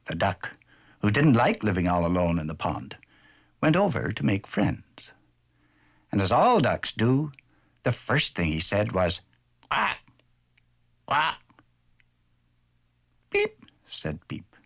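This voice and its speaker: Male narrator, playful storybook telling, very lively pitch, husky, vintage cartoon. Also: slow pace, pauses often, muffled recording.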